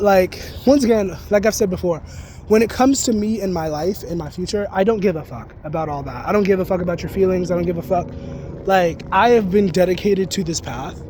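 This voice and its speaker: A man's voice: sits high, warm tone, a little hiss or hum. A man venting in a casual vlog rant, heated and full of swearing, recorded outdoors. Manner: profane, heated, rambling. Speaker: psychic reader and spiritual content creator. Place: outdoors near geese.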